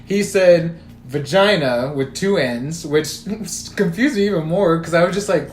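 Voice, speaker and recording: A man's voice: fairly high pitch, a little slow. Young guy cohosting a podcast, ranting and quoting texts, roomy echo, a little room hiss. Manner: animated storytelling, swearing, quoting text messages. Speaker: podcast co-host. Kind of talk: casual chat.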